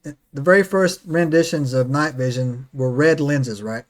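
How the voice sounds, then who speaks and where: A man with a somewhat high voice hosts a casual podcast conversation. He tells his stories with eager energy and keeps checking in with "right?" and "man". His tone stays loose and conversational. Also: normal speed. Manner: excitable storyteller, lots of "right?" and "man". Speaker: podcast host.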